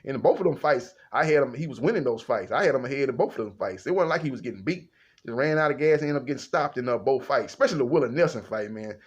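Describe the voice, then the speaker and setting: A man's voice: mid-range voice, animated, fast, husky, lo-fi sound. A man giving casual, loose solo commentary on boxing, full of fillers and calling his listeners "man".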